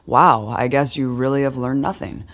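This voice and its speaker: A woman's voice: a bass voice, fairly even intonation, normal speed. A woman co-hosting a political podcast, casual and sarcastic, slipping into mocking voices when she quotes people. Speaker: podcast co-host.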